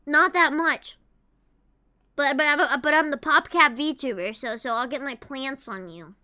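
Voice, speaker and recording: A woman's voice: high-pitched, measured pace, pushed and bright. A young adult woman streaming as a VTuber, chatting casually with viewers in a giggly, playful way, with a voice that cracks often. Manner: giggly, playful, jokes in bursts of mock drama. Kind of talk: casual chat reacting to viewers.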